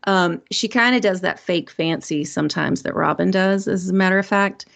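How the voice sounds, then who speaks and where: A woman's voice: fairly low pitch, moderate pace, vocal fry, a bit bright. A woman with a Southern US accent, co-hosting a podcast in a chatty, rambling way and laughing often. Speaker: podcast co-host. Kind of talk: casual chat.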